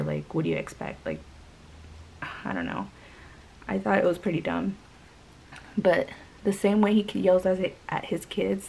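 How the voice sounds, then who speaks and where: Gravelly young woman chatting a story. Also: fairly low pitch, darkish tone, a little hiss or hum, poor audio. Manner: chatty, rambling, many "like" fillers. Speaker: vlogger. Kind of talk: casual storytime while doing makeup. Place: home.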